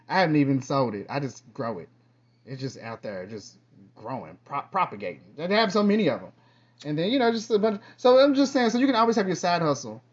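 A man hosting his own podcast in a casual, rambling monologue, with lively bursts and quiet trailing asides. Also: on the high side, husky, highs cut off. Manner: chatty, loose, drifts between topics. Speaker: podcast host.

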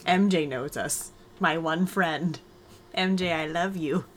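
Upbeat woman podcast host, lower voice. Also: takes it slowly, slight background noise. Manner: upbeat, explaining, storytelling. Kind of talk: casual chat.

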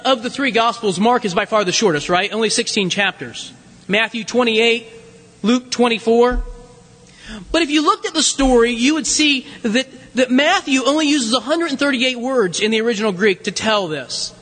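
A pastor delivering a sermon, earnest and animated, reading scripture with dramatic emphasis. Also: male voice, extremely high pitch, moderate pace. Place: church sanctuary. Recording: long church reverb.

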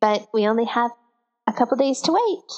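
A woman's voice: fairly high pitch, very animated, normal speed, a little mellow, muffled recording. A woman co-hosting a casual podcast chat, rambling with fillers and giggles. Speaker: podcast co-host.

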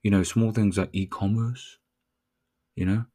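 A man's voice: lowish voice, steady tone, a little slow, dark tone. A man hosting a motivational podcast, brash and profane, full of street slang. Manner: brash, swearing, street slang, calls listener "bruv".

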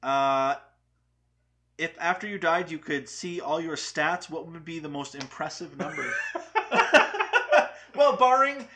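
Bright-voiced young man hosting a stream. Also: fairly high pitch, lively intonation, slow, long pauses, a little hiss or hum. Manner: rambling, joking, laughs often. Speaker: host and producer of a live movie news stream. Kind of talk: casual live-stream chat.

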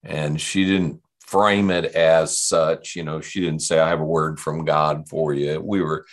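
A man's voice: very deep voice, flat delivery, measured pace. A man, telling his life story in an interview with a rambling, conversational manner. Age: 60s. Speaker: guest.

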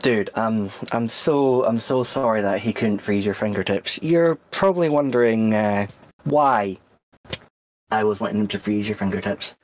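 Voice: medium pitch, normal speed, darkish tone, voice pushed down, natural voice. A player voicing a female adventurer who interrogates a captive with mock-friendly menace and sudden swearing outbursts. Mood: mock apology.

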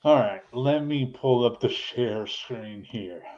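A man's voice: mid-range voice, slow pace, darkish tone, lo-fi sound. A man hosting a podcast in casual chat, annoyed and swearing freely. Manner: annoyed and profane. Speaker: podcast host.

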